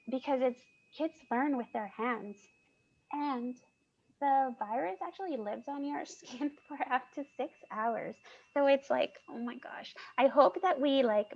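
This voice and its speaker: A woman who works as a children's museum consultant, explaining her work on a panel in an animated way and laughing as she talks, over a video call. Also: a little high, gravelly. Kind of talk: presenting on a panel. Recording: muffled video call audio.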